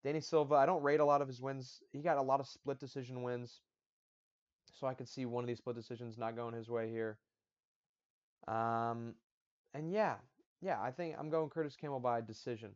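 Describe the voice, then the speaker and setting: A man talks through fight picks in a loose, rambling way, breaking off mid-thought and circling back to repeat himself. His voice sits at an ordinary middle pitch. The audio is dull and lo-fi, lacking crispness. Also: fairly even intonation, normal speed. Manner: rambling, self-interrupting, slangy. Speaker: MMA fight predictions host. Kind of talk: casual solo commentary.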